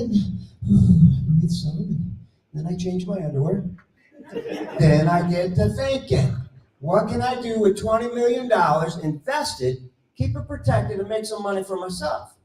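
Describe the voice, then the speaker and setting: A middle-aged man giving a conference talk, telling a folksy story and acting out the dialogue with animated voices. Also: high voice, a little slow. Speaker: conference speaker. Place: conference room. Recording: roomy, distant mic, faint ambience.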